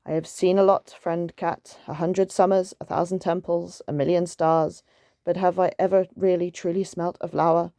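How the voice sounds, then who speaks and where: Woman reading as an old tired lady tortoise, slow and low, mellow. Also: level tone, dry recording, studio quality, natural voice. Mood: weary. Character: weary ancient female tortoise, slow and sad.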